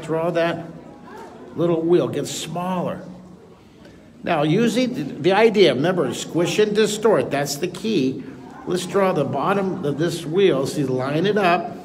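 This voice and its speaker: A middle-aged man leading a live drawing lesson for a school assembly, energetic and encouraging as he talks straight to the kids. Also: a little high. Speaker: drawing teacher.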